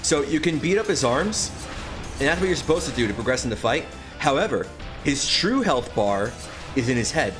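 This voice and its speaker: A man's voice: mid-range voice, big pitch swings, moderate pace. A man streaming a video game, chatting casually and animatedly as he plays. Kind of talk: casual gameplay commentary. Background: faint game music.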